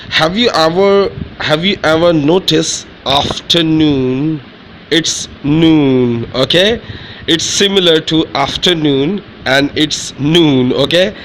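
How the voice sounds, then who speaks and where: Man, language teacher, slow repeated pronunciation drills, simple English, faint background noise. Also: on the high side, a bit bright, poor audio. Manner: repeats each letter slowly, simple halting English. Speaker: Urdu teacher.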